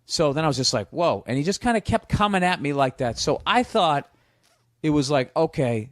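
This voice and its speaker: A man's voice: fairly high pitch, brisk, no room sound. A man telling stories casually on a podcast, swearing freely and acting out what other people said. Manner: profane, animated, acts out other people's lines. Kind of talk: casual storytelling.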